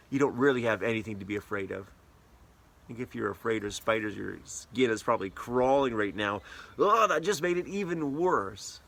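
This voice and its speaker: A man's voice: medium pitch, vocal fry, fairly bright tone. Middle aged pastor guy preaching, chatty and playful, lots of questions to you. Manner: conversational, playful, asks the listener questions. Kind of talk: sermon.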